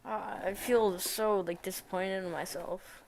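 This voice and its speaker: A woman streaming her game coding session, talking casually to herself and to her viewers. She mutters questions at her code and makes self-mocking asides. Her voice sits at an ordinary middle pitch. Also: fairly even intonation, measured pace, a little hiss or hum. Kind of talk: casual live-stream chat while coding.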